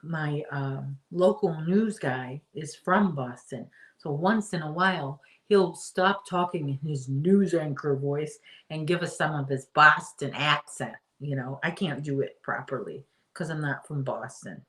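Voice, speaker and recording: A woman's voice: deep voice, unhurried. A middle-aged woman hosting a casual live-stream chat from home, rambling and reading out viewer comments. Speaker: host.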